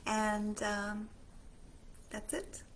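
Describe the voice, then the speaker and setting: Female life coach, casual live stream; earnest, soft repetitions, halting delivery, mid-range pitch. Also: completely flat delivery, a little hiss or hum. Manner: halting, with many pauses and fillers.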